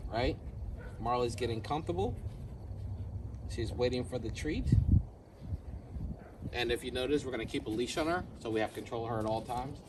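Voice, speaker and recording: Dude doing a dog training demo outside, talks you through it step by step, kinda far from the mic, noisy background. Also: male voice. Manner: explains step by step, often checking with "right?"; switches to a high squeaky praise voice for the dog. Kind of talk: casual training demonstration. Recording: distant mic with background noise.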